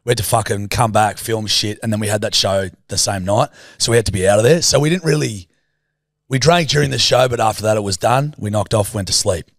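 Gravelly Australian man, casual podcast chat. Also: lowish voice, a little fast, no echo, studio quality. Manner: sweary, storytelling with put-on voices. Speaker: podcast co-host.

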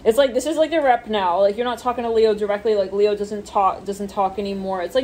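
A woman's voice: mid-range voice, steady tone, a little fast, few pauses, darkish tone, a little hiss or hum. A woman giving a casual tarot reading, rambling with many fillers and swearing offhandedly. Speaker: tarot reader.

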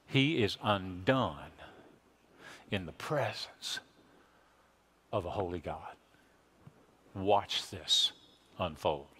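A man preaching a sermon as pastor, emphatic, swinging from hushed lines to loud exclamations. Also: deep voice, expressive, extremely slow, long pauses, breathy edge.

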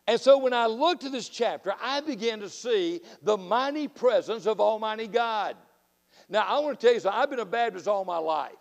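A middle-aged man from Florida with a Southern accent preaching a folksy, fiery revival sermon, telling stories and swinging between loud outbursts and quiet asides. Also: high voice, expressive, brisk, vocal fry. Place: church sanctuary. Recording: long reverb of a church sanctuary.

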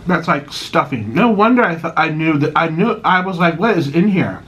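A man's voice: a little high, animated, normal speed, fairly bright tone, lo-fi sound. An American man chatting casually while eating on camera, swinging into dramatic mock outrage and a little out of breath. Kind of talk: casual mukbang vlog chat.

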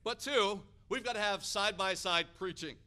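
Bright-voiced, energetic American preacher man. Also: high voice, normal speed. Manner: energetic, rising to loud emphatic peaks. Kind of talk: sermon.

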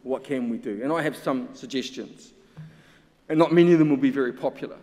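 A man's voice: medium pitch, a little fast, mellow. A man, a researcher giving an impassioned symposium talk full of pointed rhetorical questions. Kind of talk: conference talk. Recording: long hall reverb.

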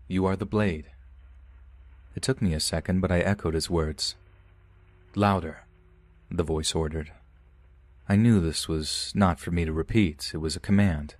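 Low-voiced guy reading a creepy story, calm and steady, dry close sound. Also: dry recording. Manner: calm, measured first-person storytelling. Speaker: podcast narrator. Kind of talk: scripted horror story narration.

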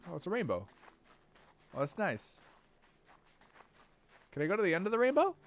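A man streaming a game with a slightly high voice, giving loose, playful commentary. He swears freely and talks back at the creatures on his screen, now and then bursting out loudly. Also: wildly swooping pitch, normal speed. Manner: sudden loud outbursts. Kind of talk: casual let's-play commentary.

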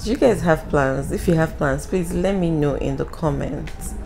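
Low-voiced Nigerian woman vlogging. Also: moderate pace, vocal fry, a little mellow, soft background music, rough recording. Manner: emotional, tearful and apologetic. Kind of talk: casual vlog talk to camera.

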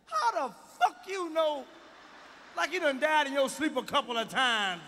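A male stand-up comedian doing a loud, profane, mocking routine on stage. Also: very high-pitched, very animated, a little slow, long pauses, a little hiss or hum. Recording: live stage recording with hall reverb and faint ambience.

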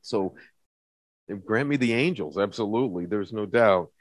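A man's voice: fairly low pitch, lively intonation, normal speed. A man teaching a Bible lesson in a conversational way, often repeating words and reading scripture aloud with emphasis. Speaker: pastor.

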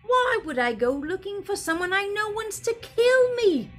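A woman voicing an earnest young teenage boy wizard who answers quickly and sincerely, a bit on the defensive. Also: extremely high pitch, sing-song, fairly bright tone, soft background music, pitched above the performer's own voice, full character voice. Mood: protesting.

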